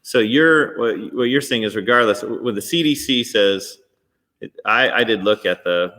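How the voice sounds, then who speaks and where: Chatty low-voiced man in a reverberant hall. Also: normal speed, bright, forceful tone. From Texas. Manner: rambling, self-correcting, chatty. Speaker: host. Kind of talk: casual interview chat.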